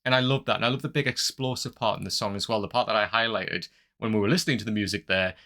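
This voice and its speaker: A man's voice: fairly low pitch, steady tone, quick pace, bright, forceful tone. A man giving casual, enthusiastic commentary on a song, full of gushing praise and fillers. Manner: upbeat sign-off plea to viewers. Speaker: music reaction YouTuber.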